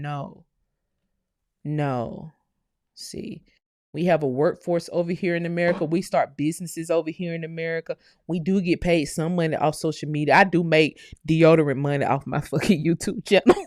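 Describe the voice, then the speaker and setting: A woman with a Southern US accent hosting a casual livestream, ranting loudly, cursing and laughing as she talks. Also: lowish voice. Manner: loud, profane and laughing. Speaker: livestream host.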